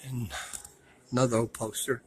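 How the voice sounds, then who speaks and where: A man narrating casually as he films his walk through a museum, rambling and folksy and quick to complain. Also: mid-range voice, flat delivery, darkish tone, rough recording. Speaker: vlogger touring a museum. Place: indoor museum.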